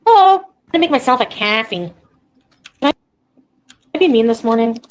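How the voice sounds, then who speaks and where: A woman chatting on her own livestream, blunt and given to ranting as she reads comments out loud. Her pitch jumps around a lot, swinging up and down as she talks. She sounds like a clip played back inside another stream. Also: expressive, normal speed, poor audio. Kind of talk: casual livestream chat.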